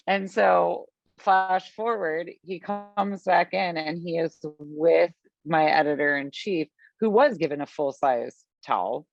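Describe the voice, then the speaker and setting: Woman, gravelly fry, chatty storyteller, dry lo-fi sound. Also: low voice, a little slow, dry recording. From US Midwest. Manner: animated, chatty, filler-heavy, acts out her own past lines. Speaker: podcast guest, business founder. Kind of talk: storytelling in conversation.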